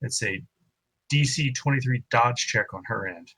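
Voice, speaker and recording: Tabletop player, male, husky bright tone, casual delivery. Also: mid-range voice, unhurried, no room sound, poor audio. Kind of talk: tabletop role-play.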